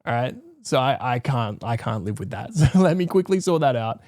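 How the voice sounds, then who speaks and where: A man's voice: medium pitch, lively intonation, normal speed, background noise. Give me an Australian man streaming a casual music reaction, thinking aloud in an earnest, rambling way with lots of restarts. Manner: rambling, self-interrupting, earnest.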